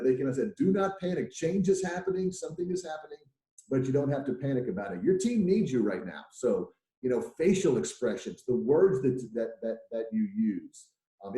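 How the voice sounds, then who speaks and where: A man leading a workplace training webinar in a lively, chatty way, acting out the voices he quotes. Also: on the high side, roomy sound, rough recording. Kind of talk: webinar presentation.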